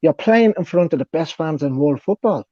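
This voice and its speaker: A man's voice: fairly high pitch, lively intonation, normal speed, no echo, muffled recording. A man co-hosting a casual football chat who agrees readily and argues through rhetorical questions. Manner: agreeable, rhetorical, lists options. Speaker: football podcast co-host.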